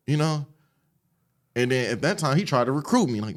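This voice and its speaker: A man from the Los Angeles area, a podcast guest retelling his past in an animated, streetwise, profane way. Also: a little high, a little fast, pauses often. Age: adult, after an 18-year sentence. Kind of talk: casual storytelling interview.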